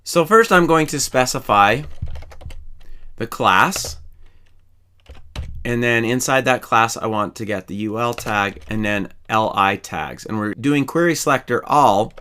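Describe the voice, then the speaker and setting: A male instructor talks through a screen-recorded coding lesson, narrating every step as he goes. His voice has a bright, forward edge and sits at an ordinary middle pitch. He keeps a calm, methodical pace. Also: unhurried, long pauses, a little hiss or hum. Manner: calm, methodical, explains each step while typing. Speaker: programming instructor.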